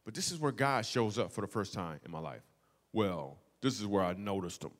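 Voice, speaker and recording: A young man telling a stand-up comedy story, animated and playful, swinging from hushed asides to loud outbursts. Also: on the low side, a little fast. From Michigan. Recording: long hall reverb.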